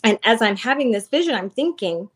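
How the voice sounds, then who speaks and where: A woman's voice: a little high, lively intonation, brisk, breathy edge. A woman in her thirties, a podcast guest, telling a personal faith story in casual, earnest talk full of fillers. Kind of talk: casual testimony.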